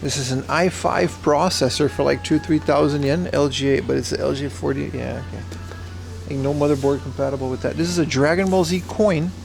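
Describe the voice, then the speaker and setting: A man with a slightly high, gravelly voice rambles casually to his livestream chat while he browses shelves in a store. His talk is loose and slangy. Faint music plays behind him. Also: steady tone, brisk. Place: secondhand shop in Japan.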